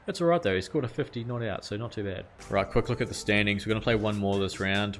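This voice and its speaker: A man's voice: fairly low pitch, a little hiss or hum. A man hosting his gaming channel, casually talking through his play, reading out scores and swearing or exclaiming at big moments. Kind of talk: casual video game commentary.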